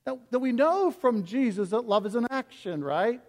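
A man preaching a sermon as pastor, impassioned, swinging from quiet to loud and piling up rhetorical questions. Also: extremely high pitch, lively intonation, normal speed. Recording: long hall reverb.

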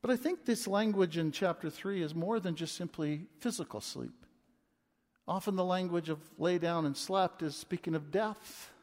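A man in his twenties preaching a sermon as a pastor, impassioned and swinging from loud to hushed. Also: sits high. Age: 20s. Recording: long reverb of a large hall.

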